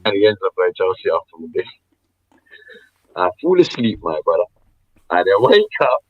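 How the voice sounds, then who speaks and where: A man co-hosting a casual sports podcast, telling stories in an animated way. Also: sits low, moderate pace, slightly rough, dry recording, narrow, tinny audio. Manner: animated storytelling. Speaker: podcast co-host. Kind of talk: casual chat.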